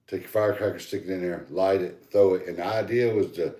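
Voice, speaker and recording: A man co-hosting a podcast, telling a loose, rambling story in a casual, animated and profane way. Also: low voice, quick pace. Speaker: podcast co-host. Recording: echoey room.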